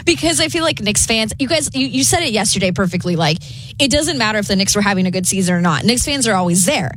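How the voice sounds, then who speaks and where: A woman's voice: mid-range voice, expressive, quick pace, fairly bright tone, a little hiss or hum. A woman co-hosting sports talk, teasing her partner and laughing easily. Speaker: sports radio co-host.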